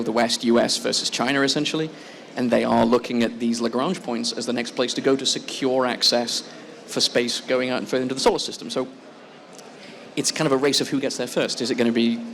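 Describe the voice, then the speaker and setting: A man answering on stage at a quick clip. His voice stays flat and gravelly, and he leans on fillers as he goes. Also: medium pitch. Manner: fast, flat delivery with fillers. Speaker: company founder being interviewed. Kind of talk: panel interview answer.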